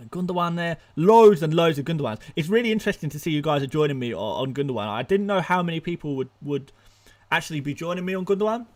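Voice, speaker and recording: Quick-fire young man streaming live. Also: a little high. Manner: rapid-fire answers, excitable, laughs often. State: out of breath. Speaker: fantasy football streamer.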